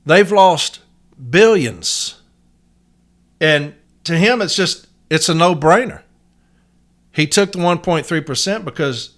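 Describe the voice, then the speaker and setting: A man's voice: high voice, expressive, takes it slowly, long pauses, a bit bright. Angry, cursing male podcast host. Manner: angry, profane, emphatic. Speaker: podcast host, union letter carrier. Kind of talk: heated solo podcast rant.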